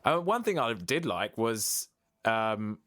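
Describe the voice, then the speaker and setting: A man's voice: on the low side, very animated, slow pace, fairly bright tone, no echo, studio quality. A man co-hosting a podcast, chatting casually with plenty of fillers and restarts. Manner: rambling, hesitant, lots of fillers. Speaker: podcast co-host. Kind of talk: casual chat.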